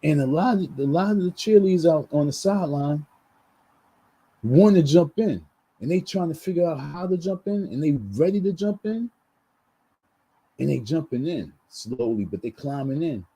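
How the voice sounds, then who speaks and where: Dark, husky man venting on a vlog. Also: on the high side, lively intonation, normal speed, poor audio. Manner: heated, repetitive ranting with many restarts and slang. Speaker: vlogger.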